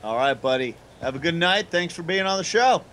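A man in his forties hosts a casual gaming podcast, and his fairly high voice swings up and down a lot. He talks in a friendly way and greets callers with easy questions. A faint hiss of noise runs under him. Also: animated, fairly quick, a bit bright. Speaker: podcast host.

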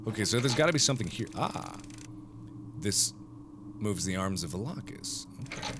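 A man giving animated, joking let's play commentary, thinking aloud as he plays. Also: lowish voice, moderate pace, background noise. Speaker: gaming video host.

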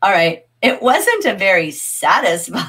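A middle-aged woman teaching a livestreamed literature class, animated and often laughing as she answers the chat. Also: mid-range voice, a little slow, breathy edge.

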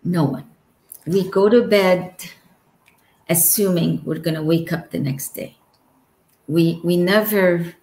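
A woman from Egypt in her forties, telling her personal near-death story as an interview guest, earnest and searching, with quick giggles and restarts. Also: on the low side, vocal fry, echoey room, rough recording. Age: 40s. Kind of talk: emotional personal testimony.

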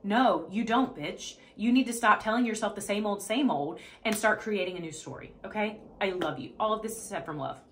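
A woman's voice: mid-range voice, a little fast, few pauses, a bit bright, slight background noise. A woman fitness coach in a casual motivational vlog, blunt and profane, with emphatic delivery and a habit of checking in with "okay?" and "right?".

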